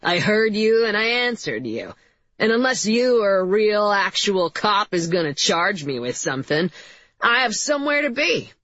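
A woman's voice: on the low side, expressive, takes it slowly, a bit bright, no echo, full character voice. A woman voicing a rude, defensive male suspect with a nasal, congested voice, in a slightly dull, dry recording. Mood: hostile. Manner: belligerent, swearing.

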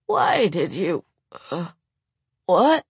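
A rasping, desperate injured man voiced by a woman narrator begs and babbles in a high, strained, breathy voice. It sounds close and dry, with no room around it. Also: sing-song, extremely slow, no echo, heavily acted. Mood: pained. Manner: pleading, babbling, gasping.

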